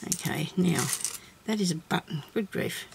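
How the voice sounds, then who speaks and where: A woman hosting a casual craft tutorial, chatting and thinking aloud as she works, with soft laughs to herself. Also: on the low side, normal speed, creaky, heavy background noise. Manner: rambling, chatty, thinks aloud while working.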